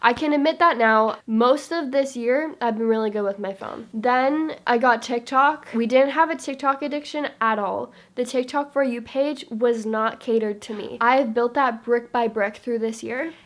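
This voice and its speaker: A young woman who vlogs about books, talking casually to the camera in a bubbly, chatty way that drifts off topic. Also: on the high side. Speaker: book vlogger.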